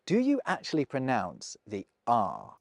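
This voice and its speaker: A man's voice: mid-range voice, wildly swooping pitch, measured pace, gravelly, no echo, clean studio sound. A man with a British received pronunciation accent giving a scripted, precise explainer narration. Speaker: language video presenter.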